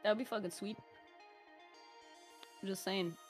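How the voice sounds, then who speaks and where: A woman's voice: medium pitch, fairly even intonation, measured pace, soft background music. Giggly Irish woman on a voice call. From Ireland. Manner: giggly, swears a lot, breaks into laughter. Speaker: guest speaker. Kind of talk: mock eulogy, casual stream chat. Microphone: voice call from home.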